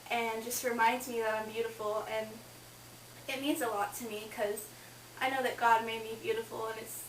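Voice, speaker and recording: Young woman, bubbly casual storytelling, higher voice, faint hiss. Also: distant mic. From Kansas. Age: young adult. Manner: bubbly, chatty, lots of "like" fillers. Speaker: college student. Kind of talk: casual personal storytelling vlog. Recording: roomy, off-mic, faint hiss.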